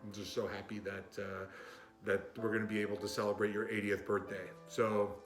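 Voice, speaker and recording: Man, heartfelt video message, grateful and warm, roomy sound, music underneath. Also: lowish voice, level tone, a little fast. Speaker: nephew sending birthday wishes.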